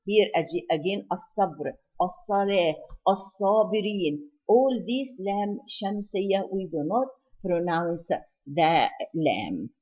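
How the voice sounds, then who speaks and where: A woman teaching Quran recitation rules in an online lesson, patiently repeating each example slowly. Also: lowish voice, lively intonation, a little mellow, breathy edge. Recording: dull lo-fi recording.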